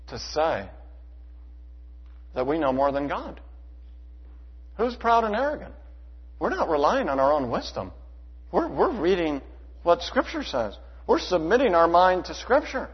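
A man preaching a sermon to his church, emphatic, asking rhetorical questions and swinging between loud and hushed delivery. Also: sits high, slightly rough. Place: church sanctuary. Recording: dull hall reverb.

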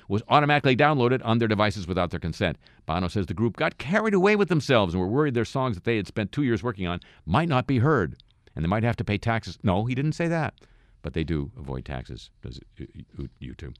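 A low-voiced man reads the week's news on a radio show. He talks quickly, with a lively pitch that rises and falls, and slips in dry jokes. The studio sound is close and dry. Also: no echo. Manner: wry, deadpan asides between news items. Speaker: radio host. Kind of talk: satirical news commentary.

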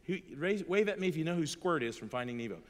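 Middle-aged american guy preaching, earnest, kinda high voice, long hall echo on it. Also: expressive, fast, a little hiss or hum. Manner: earnest, emphatic, swings between soft and loud, chuckles as he tells stories. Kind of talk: sermon with personal storytelling. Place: large hall before an audience. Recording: long echoey hall reverb.

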